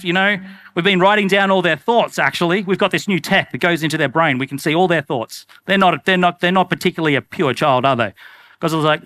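A man's voice: a little high, quick pace, pushed and bright, dry recording. A man preaching an earnest, conversational sermon as a pastor, repeating phrases for emphasis.

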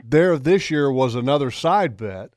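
A man's voice: medium pitch, expressive, unhurried, darkish tone, no echo, clean studio sound. A man co-hosting a casual outdoors talk show, arguing his point with mock seriousness. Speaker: radio show co-host. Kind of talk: casual banter among friends.

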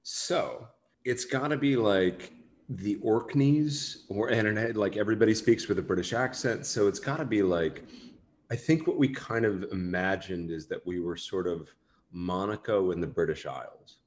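An American actor, a man with a fairly low voice, chats casually at a moderate pace in an interview, rambling and poking fun at himself with plenty of fillers. There's slight background noise.

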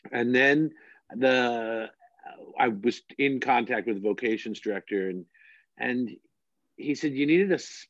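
A man's voice: medium pitch, no echo. Man in his 50s, a bishop from dc, chatty and joking, dry muffled sound. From Washington, D.C. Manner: chatty, self-deprecating, laughs often. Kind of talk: casual interview storytelling.

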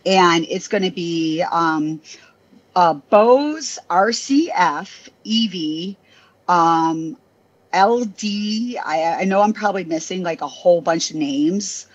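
A woman's voice: lowish voice, takes it slowly, dull audio. A woman talking as a guest in a casual interview, rambling with lots of fillers and poking fun at herself. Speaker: guest, DJ and audio industry worker.

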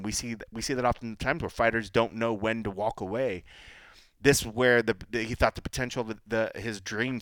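A man's voice: lowish voice, no echo. Man animatedly telling a story on a podcast. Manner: animated storytelling, acts out quotes. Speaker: podcast co-host. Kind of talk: casual chat. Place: Las Vegas, Nevada.

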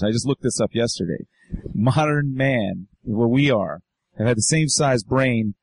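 A man's voice: medium pitch, a little mellow, low-quality recording. Rambling, swearing man musing. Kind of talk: casual chat.

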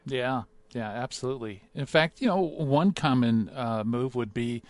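A man's voice: mid-range voice, normal speed, dry recording. A man hosting a radio talk show, speaking in a conversational way. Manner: conversational, with fillers.

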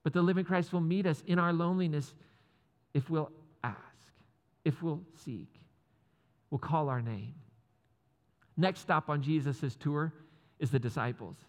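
Casting: man, pastor, relaxed joking sermon delivery, slightly high voice, long hall echo. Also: unhurried, pauses often. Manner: casual, joking asides with laughs.

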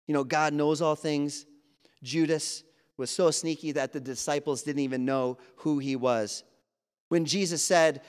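A man's voice: fairly high pitch, moderate pace. Earnest man preaching in a reverberant hall. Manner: earnest, conversational preaching with quoted dialogue. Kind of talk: sermon. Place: church sanctuary.

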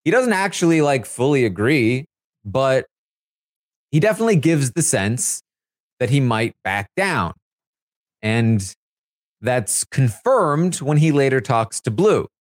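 A man's voice: mid-range voice, sing-song, slow, long pauses, no room sound, studio quality. A man hosting a casual recap of reality show live feeds, talking loosely with plenty of fillers. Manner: conversational, loose, with many fillers.

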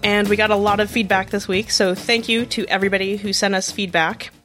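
A woman's voice: medium pitch, flat delivery, brisk, over music. A woman co-hosting a TV discussion podcast, chatting casually and reading out listener feedback. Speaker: podcast co-host.

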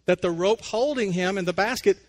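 A man's voice: sits high, fairly quick. A man hosting a radio devotional, telling stories and talking plainly about faith in a conversational way. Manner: folksy storytelling, plain-spoken.

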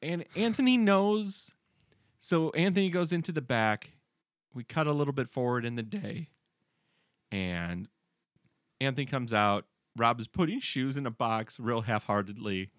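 Man, casual podcast chat, animated storyteller, swooping lively pitch, dry close sound. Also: measured pace, no room sound. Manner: animated storytelling, acts out quoted lines. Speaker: podcast co-host. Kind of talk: casual chat recapping a film.

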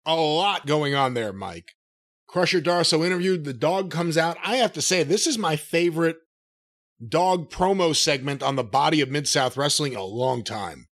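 Lively high-voiced enthusiastic man. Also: moderate pace. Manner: enthusiastic, upbeat. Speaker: podcast host. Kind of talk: casual chat.

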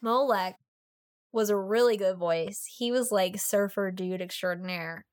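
Female co-host, mid-pitched, quick and chatty, dry recording. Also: no room sound. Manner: chatty, quick, lots of "like" and "yeah". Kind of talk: casual book discussion.

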